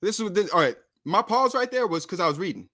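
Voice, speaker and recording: A man's voice: high-pitched, lively intonation, fast talker, sharp tone. A man hosting a casual music livestream, talking in a loose, rambling way with swearing and frequent self-corrections. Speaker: streaming show host and rapper.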